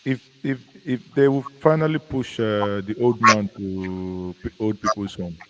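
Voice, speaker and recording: A man from Nigeria with a Nigerian accent, chatting as a guest commentator in a casual live discussion, musing and halting with many restarts. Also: lowish voice, a bit bright, low-quality recording. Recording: faint background noise.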